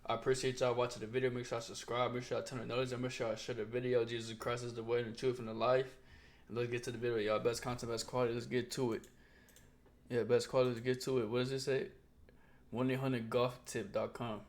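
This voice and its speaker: Flat-toned man reacting casually. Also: medium pitch, fast talker. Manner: laid-back, slangy, flat-toned remarks. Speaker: reaction video host.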